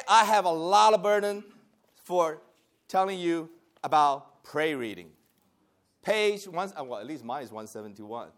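High, animated man teaching a class. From Taiwan. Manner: animated, talks with the class, laughs often. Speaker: church teacher. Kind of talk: lively church lesson.

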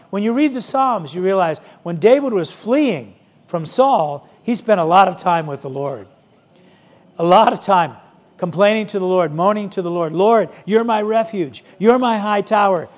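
Man, middle-aged, preacher, conversational sermon, fairly high pitch, frequent fillers. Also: darkish tone. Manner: conversational, many "you know" fillers. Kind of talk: sermon to young people.

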